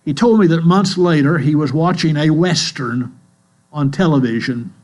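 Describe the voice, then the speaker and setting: An older man preaching a sermon in a church, telling stories in a slow, earnest way. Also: on the high side, a little mellow. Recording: mains hum in the background.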